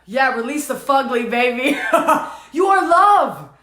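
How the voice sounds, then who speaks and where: High-pitched lady doing an emotional spiritual talk, keeps repeating affirmations, casual swearing, roomy echo. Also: expressive, slow, a bit bright. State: tearful and dizzy at times. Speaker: spiritual teacher.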